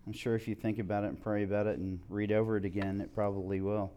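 A man's voice: on the low side, flat delivery, quick pace, dark tone, clear, resonant tone. A man teaching a church group in an earnest, partly read-out way.

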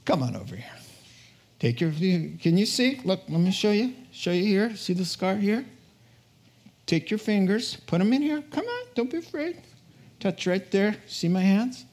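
A gentle, coaxing teacher figure who urges a doubting friend to step closer and look, speaking a little high and patient, as a preacher puts him on. The voice stays kind and encouraging, pitched above an ordinary man's. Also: animated, unhurried.

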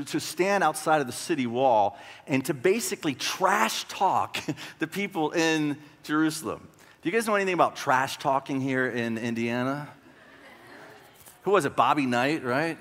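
Pastor preaching in a reverberant hall. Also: male voice, on the high side, a bit bright. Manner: conversational preaching with rhetorical questions and dramatic retelling. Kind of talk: sermon.

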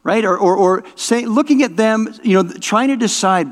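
A man's voice: high voice, expressive, normal speed, few pauses. A male pastor giving an informal, conversational sermon, often restarting words and asking the audience whether it makes sense. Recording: long reverb of a large hall.

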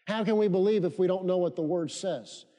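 A man's voice: high-pitched, fairly quick, warm tone. A male pastor preaching a sermon, repeating key phrases for emphasis and leading his congregation in call-and-response. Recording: long reverb of a church hall.

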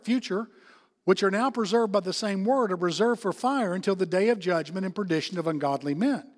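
High-voiced preacher in a reverberant hall. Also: male voice. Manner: emphatic, repeats key phrases, drops to soft tones for comfort. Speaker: pastor. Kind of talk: sermon. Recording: long reverb of a large hall.

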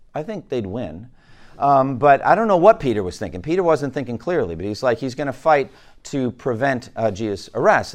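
A male pastor giving a conversational sermon, asking his listeners questions and often restarting his words. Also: medium pitch. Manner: conversational teaching, asks the room questions.

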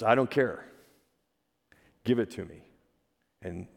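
Man preaching in a reverberant hall. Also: mid-range voice. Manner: conversational storytelling with rhetorical questions. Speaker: pastor. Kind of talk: sermon. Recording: long reverb of a large hall.

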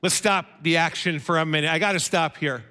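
A man's voice: fairly high pitch, fairly quick, pushed and bright. A man preaching a sermon in a conversational way, often asking his listeners questions.

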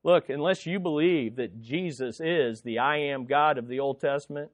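A male pastor delivers a sermon with a high-pitched voice, stressing and repeating key words and getting the congregation to say them back. The sound is dry and close, with little room around him. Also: moderate pace, few pauses, no room sound. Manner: emphatic, repeats key phrases, leads congregation in call-and-response.

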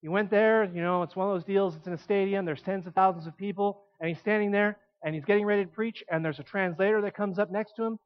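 A man preaching a sermon in an animated way, shifting between quiet explanation and emphatic points. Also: high voice, fast, hardly any pauses, dull audio.

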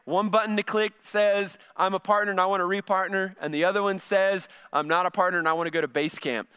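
Middle-aged guy preaching, high bright voice, chatty, kinda stumbles into sentences. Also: fairly even intonation, fast talker, clean tone. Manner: conversational, repeats words when starting phrases. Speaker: pastor. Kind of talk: sermon.

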